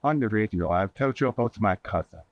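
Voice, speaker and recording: A man's voice: fairly low pitch, animated, fairly quick, lo-fi sound, a crowd in the background, close to an everyday voice. A man playing a pushy, guilt-tripping intruder who barges into a show with aggrieved, whiny pleading. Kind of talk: sketch comedy.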